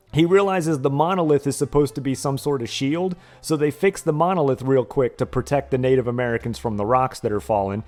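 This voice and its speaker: A male game streamer with a slightly high voice, telling a story in a loose, profane, animated way and laughing often. Faint music plays under his voice. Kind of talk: casual game-stream chat, retelling an episode.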